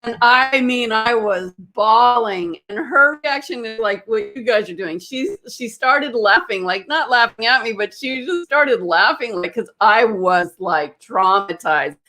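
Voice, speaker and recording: A woman's voice: on the high side, lively intonation, measured pace, hardly any pauses, sharp tone. A woman energy healer telling a personal story to a group in a casual, rambling way, with many fillers and restarts.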